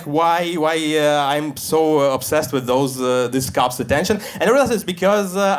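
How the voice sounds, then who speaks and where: A man in his thirties from Russia, with a Russian accent, doing a deadpan stand-up set in English on a comedy club stage, with fillers and small slips. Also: on the high side.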